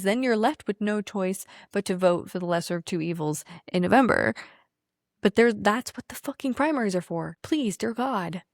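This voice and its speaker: A woman's voice: medium pitch, no room sound, studio quality. A woman co-hosting a podcast in casual political chat, emphatic and profane, laughing often. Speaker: podcast co-host.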